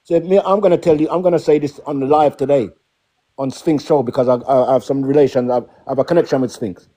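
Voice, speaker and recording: A man's voice: mid-range voice, fairly even intonation, quick pace, mellow. A middle-aged man with a Caribbean accent, talking emphatically as a guest on a casual live stream, often checking in with "yeah?" and "right?".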